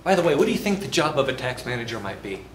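A man teaching a class, throwing questions to the room and slipping in jokes as he explains. His voice sits at an ordinary middle pitch and echoes around the classroom, with faint noise underneath. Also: sing-song, racing. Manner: asks the class questions and jokes between points. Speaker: university instructor. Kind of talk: classroom lecture.

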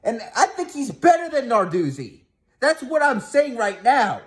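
High-voiced man in an angry rant. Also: sing-song, a little slow. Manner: heated, profane, ranting with restarts. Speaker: sports fan vlogger. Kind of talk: angry fan rant to camera.

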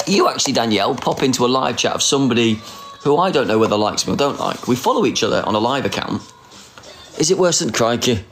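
A man in his forties chats live into a phone, flirting with viewers and mocking himself with a dry sarcastic edge. His pitch swoops widely as he teases. Soft music plays faintly behind him. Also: expressive, fast talker. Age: 40s. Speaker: livestreamer. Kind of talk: casual live chat.

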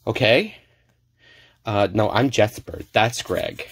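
A man's voice: on the low side, slow pace, no room sound. A man hosting a casual card-opening video at home, talking in theatrical, emphatic bursts. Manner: loud, theatrical outbursts in spurts. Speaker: card-opening channel host. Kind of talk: casual pack-opening banter. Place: home apartment.

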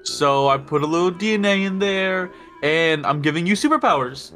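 A man playing a scientist in a Minecraft role-play, calm, dry and teasing. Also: on the high side, normal speed, soft background music.

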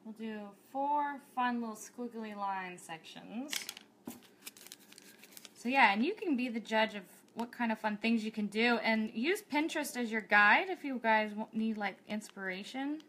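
Bubbly higher-voiced woman baker. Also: animated, a little slow, fairly bright tone. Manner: bubbly, chatty, thinks aloud. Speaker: cake decorating host. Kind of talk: livestream tutorial chat.

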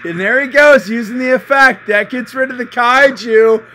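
A man's voice: very high-pitched, normal speed, sharp tone, soft background music. A man casually commentating online card game duels as host, amused and often breaking into laughter while chatting to viewers. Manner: giggly, keeps breaking into laughter.

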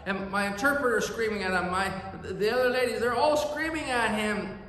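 Male pastor, fairly high voice, earnest storytelling sermon, big church reverb. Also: normal speed, a bit bright. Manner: earnest, emphatic storytelling with sound words. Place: church sanctuary. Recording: echoey church hall reverb.

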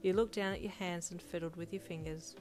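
A woman reading a second-person fan fiction story in an even, steady way. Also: fairly low pitch, fairly quick. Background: faint music.

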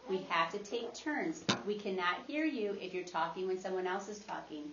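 A woman teacher leading a guided reading lesson with young children, encouraging and patient, modeling expressive reading aloud. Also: lowish voice, moderate pace, a loud crowd. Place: classroom. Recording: echoey, dull classroom recording.

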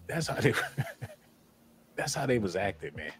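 A man's voice: lowish voice, sing-song, unhurried, long pauses, a little hiss or hum. A man hosting casual reaction commentary, telling stories in a joking, playful way. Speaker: commentary host.

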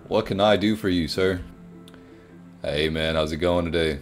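A man's voice: sits low, moderate pace, long pauses, soft background music. A young man commenting casually and jokingly as he plays a horror game, chatting to his viewers. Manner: jokey, jumpy, voices the game characters. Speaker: gaming streamer.

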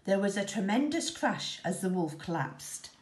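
A woman teacher reading a children's story aloud in a slow, expressive, rhythmic way. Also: medium pitch. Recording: echoey room.

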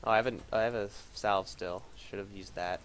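A man's voice: lowish voice, steady tone, a little fast, slight background noise. A man giving profane, frustrated running commentary on his own video game match, muttering and then bursting out. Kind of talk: live gameplay commentary.

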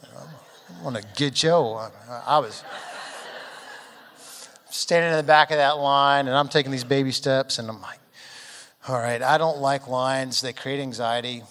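A man pastor telling a humorous personal story in a sermon, animated and acting out quotes. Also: medium pitch, measured pace, long pauses, in a large hall. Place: large church auditorium.

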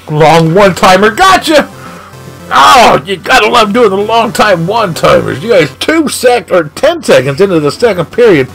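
A man commentating his own video game play live, excitable and shouting at the action. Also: high-pitched, gravelly. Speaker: gaming channel host.

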